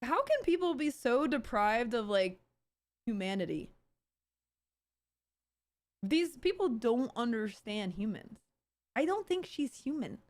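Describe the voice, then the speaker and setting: High-voiced sarcastic woman streamer. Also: big pitch swings, takes it slowly, long pauses. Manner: sarcastic, ranting, full of fillers. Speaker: streamer host. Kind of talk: live reaction commentary.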